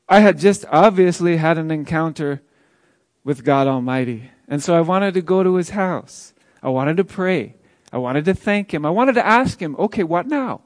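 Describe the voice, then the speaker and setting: A man's voice: fairly high pitch, dry recording, clean studio sound, lightly acted. A man playing an earnest healed man telling his story. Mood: reflective. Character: formerly paralyzed man telling his healing, joyful. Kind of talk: first-person dramatic monologue.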